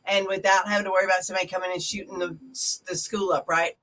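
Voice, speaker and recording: A Southern woman co-hosting a casual chat, folksy and joking, quick to laugh. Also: on the low side, flat delivery, a bit bright, recorded from a distance, low-quality recording. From American South. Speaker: co-host.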